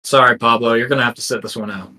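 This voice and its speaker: Male player, bright forceful tone, direct and organizing. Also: medium pitch, steady tone, very fast, rough recording. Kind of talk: tabletop game chat.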